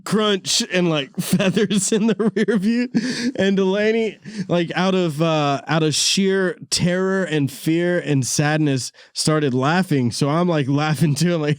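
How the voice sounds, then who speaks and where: A young man hosting a podcast, telling stories in a casual, animated way with lots of laughter and sudden high-pitched bits. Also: measured pace, no echo, clean studio sound. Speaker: podcast host. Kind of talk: casual storytelling chat.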